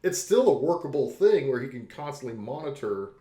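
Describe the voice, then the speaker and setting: A man's voice: medium pitch, sing-song, a little fast, mellow, reverberant, a little hiss or hum. A man co-hosting a podcast, chatting casually and enthusiastically about a movie, rambling and laughing often. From spent late teens on the East Coast. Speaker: podcast co-host.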